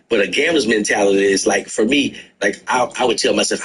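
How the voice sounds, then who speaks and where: A middle-aged man telling stories in a casual podcast chat, animated and profane, acting out his own past words. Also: fairly low pitch, a little fast, hardly any pauses, a little hiss or hum. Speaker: guest storyteller.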